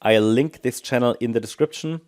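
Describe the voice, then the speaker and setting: A man presenting a technical analysis of market charts, thinking aloud and often pausing with ums and restarts. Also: medium pitch, darkish tone.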